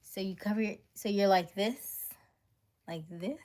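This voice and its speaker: A woman's voice: medium pitch, a little slow, darkish tone. A woman livestreaming, chatting playfully with her viewers and laughing often. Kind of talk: casual livestream chat with viewers.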